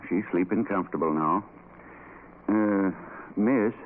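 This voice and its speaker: An actor playing a suspicious older country doctor in a 1940s radio drama, with a slow, probing manner. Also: male voice, low-pitched. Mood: doubting. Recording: tinny lo-fi old radio recording with hiss.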